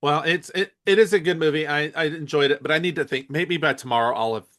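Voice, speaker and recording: A man's voice: a little high, fast talker, fairly bright tone. Rambling male podcast co-host. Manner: rambling, hesitant, lots of fillers and restarts. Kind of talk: casual movie chat.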